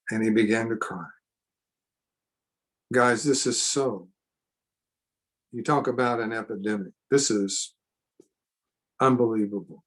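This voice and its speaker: Male seminar preacher, unhurried delivery, earnest and emphatic, circles back on words to drive a point home. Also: lowish voice. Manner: earnest, emphatic, repeats phrases for stress. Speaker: seminar speaker. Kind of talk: sermon-style teaching seminar.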